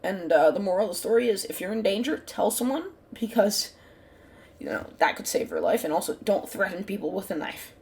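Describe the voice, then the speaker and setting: Woman telling a storytime on her channel, mid pitch, rambly, says like a lot, swears now and then. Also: sing-song, fairly quick, darkish tone. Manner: rambling, heavy use of "like" fillers; casual swearing. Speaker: channel host. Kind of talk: casual storytime narration.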